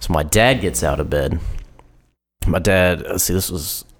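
This podcast host is a man whose voice sits low and moves unhurriedly. In a laid-back, profane style, he tells a long story in casual chat, peppering it with "like" and quoted dialogue.

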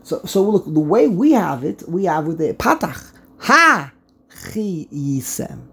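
A woman teaching a text study lesson, reading slowly, often restarting and then stressing points with emphasis. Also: lowish voice, sing-song, fairly bright tone.

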